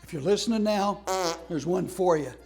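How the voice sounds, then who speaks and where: A man telling warm, funny stories in a tribute talk, often breaking into laughter as he goes. His speaking voice sits a bit high for a man. Soft music plays faintly underneath. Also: moderate pace, creaky. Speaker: humor speaker teaching a class.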